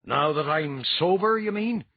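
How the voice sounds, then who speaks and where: Guy doing a blunt loud clan chief, husky and lively, storybook voice, dull sound. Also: fairly high pitch, measured pace, pitched above the performer's own voice. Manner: blunt, hearty. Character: gruff blunt clan chief, reformed drinker. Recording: dull lo-fi audiobook recording.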